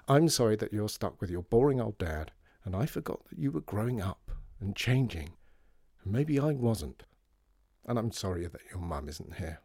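A man voicing a gentle, wry widowed father who talks tenderly to his small daughter in a storybook. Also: on the low side, very animated, moderate pace, slightly rough, dry recording, clean studio sound, exaggerated voice. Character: gentle widowed father, middle-aged, fond.

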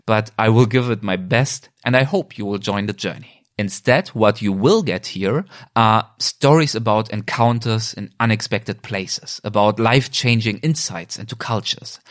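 A man with a German accent, a native German speaker, hosting a podcast and reading a measured, earnest scripted introduction. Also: on the low side. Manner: earnest, measured, slightly lofty. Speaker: podcast host.

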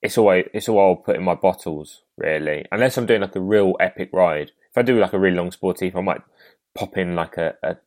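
A man's voice: sits low, a little fast, a little mellow. A man in his twenties with a southeast English accent, hosting a podcast in casual, rambling chat. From Kent, England. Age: 20s. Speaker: podcast host.

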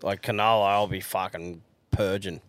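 A man's voice: deep voice, fairly even intonation, moderate pace, a bit bright, dry recording. An Australian man co-hosting a podcast, easygoing and profane in casual banter. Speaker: podcast co-host.

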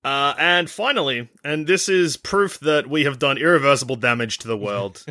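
A man's voice: medium pitch, normal speed, bright, forceful tone. A man hosting a podcast, reading out listener emails in a jokey, casual way. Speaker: podcast host. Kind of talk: casual chat.

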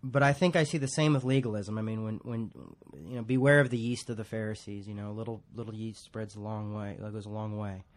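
A man's voice: on the low side, steady tone, brisk, hardly any pauses. A man preaching a casual, rambling sermon in a church, joking at his own expense and laughing often. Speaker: pastor.

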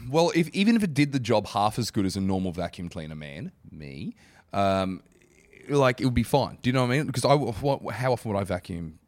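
A man's voice: fairly low pitch, big pitch swings, fairly quick, a little mellow, dry recording. A young man co-hosting a podcast in casual, sweary banter, laughing often and reading out a story. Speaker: podcast co-host.

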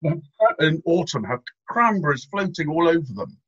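Posh English man, husky, dry wit, muffled lo-fi podcast audio. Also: on the high side, very animated, fairly quick, a bit bright, no echo. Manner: dry, understated humour. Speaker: podcast panelist. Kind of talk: casual panel chat.

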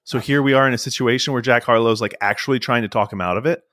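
A man's voice: medium pitch, fast talker, dry recording, clean studio sound. A man co-hosting a podcast, chatting playfully about sports and pop culture, often restarting his sentences. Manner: animated, stumbling restarts, playful. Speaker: podcast co-host.

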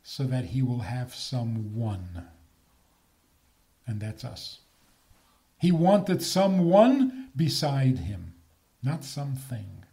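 Lively, unhurried man lecturing. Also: mid-range voice, vocal fry. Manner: animated, rhetorical questions, chuckles at own points. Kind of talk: lecture with humor.

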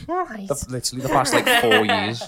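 A young Scouse man from Liverpool chats casually on a podcast he co-hosts, swearing freely, rambling and laughing often. His voice sits high with wildly swooping pitch, a little slow and gravelly, heard over a noisy crowd.

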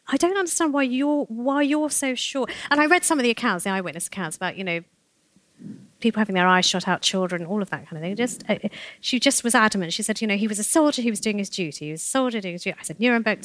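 Expressive woman telling a story, dry sound. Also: dry recording. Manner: expressive, acts out quoted voices with big pitch jumps. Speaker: author guest. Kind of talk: animated storytelling in conversation.

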